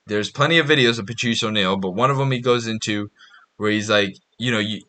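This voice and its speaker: This podcast host talks a little fast, his lowish voice bright and forceful. His casual monologue rambles, swears freely, gets blunt, and often starts over.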